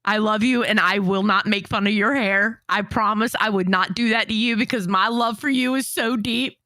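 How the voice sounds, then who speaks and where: A woman hosting a casual livestream, animated and teasing, swearing freely. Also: mid-range voice, moderate pace, dry recording. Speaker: stream host.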